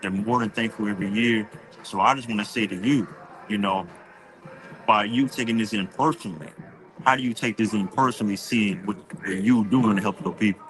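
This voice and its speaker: A man's voice: fairly low pitch, brisk. A man hosting and interviewing on a live stream, affirming his guests with frequent short replies. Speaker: host and interviewer.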